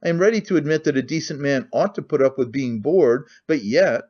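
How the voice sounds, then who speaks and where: Reading a muffled lo-fi audiobook, a man voices a jaded, cynical middle-aged nobleman who is idle and talkative, rambling and confiding with languid candor. His natural voice is mid-range and brisk, a little mellow.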